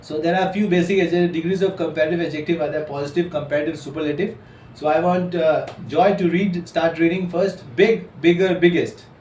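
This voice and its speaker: A man's voice: on the high side, steady tone, fast, a little mellow. A male teacher gives a classroom lesson, explaining patiently and correcting his students. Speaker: English teacher. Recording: echoey room from far off, faint noise.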